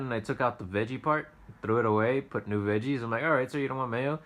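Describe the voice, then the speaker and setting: A man's voice: medium pitch, quick pace, a bit bright. A young man casually telling profane, rambling stories from his sandwich shop job, with frequent stammered restarts. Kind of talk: casual storytelling vlog.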